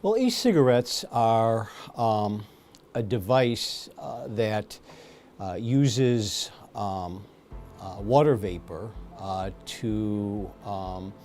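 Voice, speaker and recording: A man speaking as a pulmonologist in an interview, giving measured explanations with frequent ums and uhs. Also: lowish voice, expressive, darkish tone, faint music behind. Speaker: pulmonologist guest. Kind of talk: medical interview answers.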